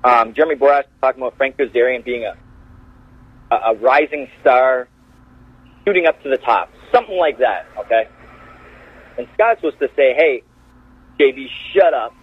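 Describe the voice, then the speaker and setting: Calling in by phone, a male wrestler guest shares backstage stories casually and animatedly, acting out quotes with altered voices. He speaks at a normal speed with long pauses, in a medium-pitched voice with a breathy edge. The line sounds tinny, without room sound.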